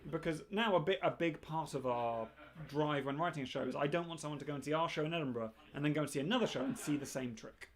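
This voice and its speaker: A man's voice: on the high side, quick pace, hardly any pauses. A man co-hosting a live rewatch of his old magic show, chatty and self-mocking as he banters with viewers. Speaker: magician co-host. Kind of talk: casual live-stream commentary.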